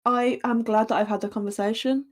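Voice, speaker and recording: A woman co-hosting a casual podcast chat, talking in a hesitant, thoughtful way with many pauses and fillers. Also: fairly high pitch, steady tone. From Britain. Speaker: podcast co-host.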